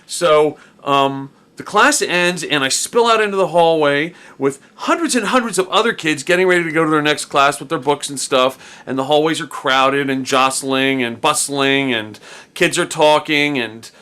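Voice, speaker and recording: A middle-aged man casually telling a story about his own past, animated and slangy, tossing in "dude" and "man". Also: a little high, moderate pace, smooth.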